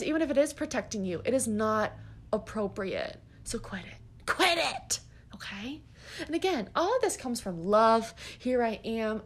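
A woman dog trainer giving blunt, emphatic advice in casual talk, swearing freely and laughing often. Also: medium pitch.

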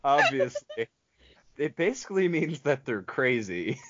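A man's voice: medium pitch, wildly swooping pitch, unhurried, noisy background. A man hosting a casual podcast, asking questions and teasing his co-hosts. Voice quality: playful, teasing. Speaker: podcast host. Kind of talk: casual chat. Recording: dull lo-fi podcast audio.

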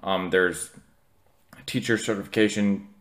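A man's voice: deep voice, fairly even intonation, unhurried, a bit bright. A young man in his twenties co-hosting a podcast, telling a story in casual, rambling chat full of fillers and acted-out quotes. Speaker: podcast co-host.

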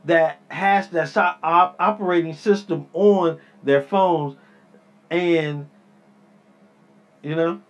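A man's voice: a little high, slow pace, pauses often. A man hosting his own podcast, rambling in casual talk, repeating himself and calling his listeners "people". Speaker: podcast host. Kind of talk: casual solo podcast rant. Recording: dull lo-fi sound.

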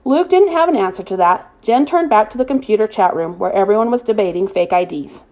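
A woman reading a novel aloud as an audiobook narrator, in a steady, expressive storytelling manner. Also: mid-range voice, brisk.

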